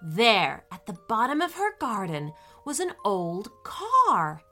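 Animated woman reading a children's story. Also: mid-range voice, slow pace, faint music behind. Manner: animated, expressive. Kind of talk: children's bedtime story narration.

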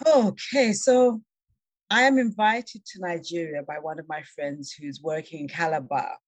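Animated woman telling a travel story. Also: sits low, measured pace, no echo. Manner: animated, laughing storyteller, acts out quoted voices. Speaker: guest. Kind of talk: storytelling in a conversation.

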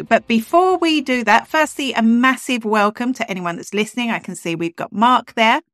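A woman's voice: medium pitch, animated, normal speed, hardly any pauses, a bit bright, soft background music. A woman co-hosting a podcast in a chatty, upbeat way that often breaks into laughter. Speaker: podcast co-host. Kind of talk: casual chat.

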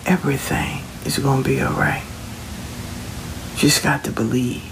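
A man's voice: mid-range voice, fairly even intonation, normal speed, creaky, noisy background. A man talking casually and reassuringly, giving folksy spiritual advice, sometimes dropping to a whisper. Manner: Southern Black vernacular, folksy, reassuring, drops into whispers. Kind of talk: casual inspirational talk.

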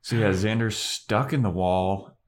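A young man co-hosts a podcast in a fairly low, unhurried voice. He casually recaps an episode scene by scene, acting out quotes and swearing along the way.

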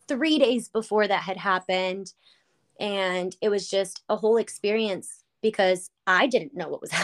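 A woman podcast host in casual chat, telling stories animatedly with lots of fillers. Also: medium pitch. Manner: animated storytelling with many fillers.

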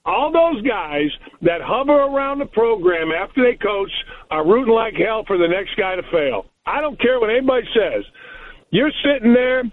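A former basketball coach talking casually in a rambling, blunt way. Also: male voice, high voice, sing-song, moderate pace, phone-quality sound. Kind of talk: casual sports talk.

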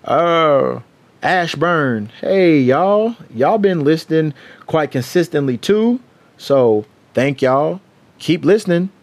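A young man hosting his own podcast, chatting casually in a loose, profane, rambling way as he gives shout-outs. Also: a little high. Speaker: podcast host. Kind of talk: casual solo podcast chat.

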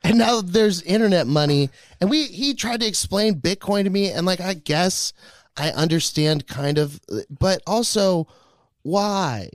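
A man's voice: high voice, expressive, unhurried, dry recording, clean studio sound. A man joking and rambling on a casual comedy podcast.

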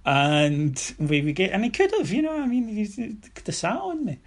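A Scottish man telling stories on a podcast in a casual, animated way, mimicking other people and swearing now and then. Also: high-pitched, normal speed. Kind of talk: casual anecdotal storytelling.

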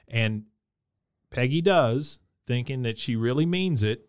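Podcast co-host, male, smooth voice, mid pitch, casual recap with quoted lines. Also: lively intonation, a little slow. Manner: retells scenes, reading out quotes in put-on voices.

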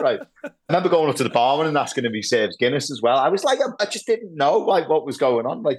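A middle-aged man, telling lively football anecdotes as a podcast guest, peppered with "like" and "right". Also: mid-range voice, fast talker, slightly rough. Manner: animated anecdotes, lots of "like" and "right". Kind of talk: casual storytelling chat.

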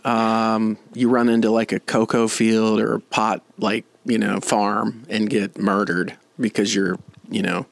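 A man's voice: fairly low pitch, level tone, measured pace, vocal fry, no room sound. A man co-hosting a golf podcast, teasing his co-host in joking banter. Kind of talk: casual chat.

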